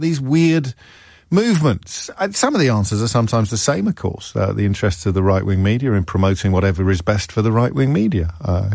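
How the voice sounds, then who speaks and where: Middle-aged male commentator, wry and rambling, stop-start delivery, mid-pitched voice, dry recording. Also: a little mellow, dry recording. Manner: wry, digressive, halting with frequent restarts. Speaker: political commentator. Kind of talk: monologue commentary.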